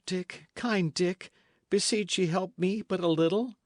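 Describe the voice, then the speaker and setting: A man voicing a timid, gentle young runaway who pleads softly and anxiously in an old-fashioned storybook tale. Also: medium pitch, big pitch swings, measured pace, no echo, studio quality, voice pushed up. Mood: pleading. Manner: soft, anxious, imploring.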